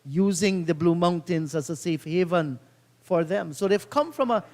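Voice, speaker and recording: A man's voice: high-pitched, normal speed, a little mellow. Reminiscing male cricket commentator with reverb. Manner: leisurely, reminiscing anecdotes. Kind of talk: live cricket commentary with storytelling.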